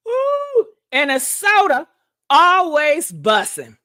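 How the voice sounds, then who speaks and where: A woman's voice: sits high, huge pitch swings, takes it slowly, sharp tone, no echo, clean studio sound. A woman host in casual live-stream chat, sassy and laughing often, drawing out her words.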